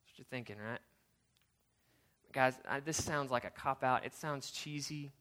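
A youth pastor giving a casual, storytelling sermon, chatty and animated, with lots of fillers and restarts. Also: male voice, medium pitch, normal speed.

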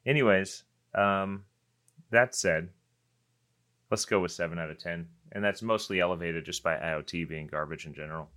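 A man with a very low, forceful and smooth voice gives blunt, offhand opinions. He speaks casually as a co-host on a tech podcast. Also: normal speed.

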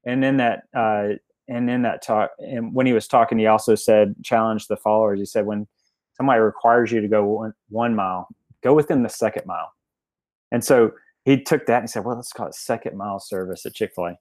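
A man's voice: lowish voice, fairly even intonation, fairly quick, a little mellow, dry recording. A man telling a story in a casual interview, rambling with many restarts and fillers. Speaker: guest, family member of a restaurant chain.

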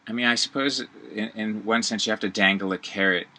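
Deep-voiced man, bright and halting. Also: fairly even intonation. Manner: halting, reflective, many fillers and restarts, laughs easily. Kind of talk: casual spiritual conversation.

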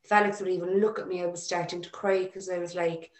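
A woman telling a personal story in an emotional, halting way with many restarts. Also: on the low side, little pitch movement. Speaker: interview guest. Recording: echoey room.

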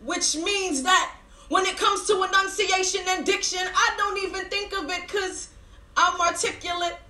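A woman's voice: very high voice, fairly even intonation, moderate pace, sharp tone, reverberant. A young adult woman performing spoken word poetry with a rhythmic, rhyming, emphatic delivery.

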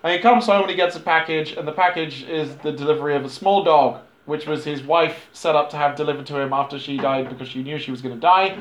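A man recapping a movie plot in a casual, rambling, profane way, sometimes dropping into quick character voices. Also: on the high side. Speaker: podcast host recapping a film. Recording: echoey room.

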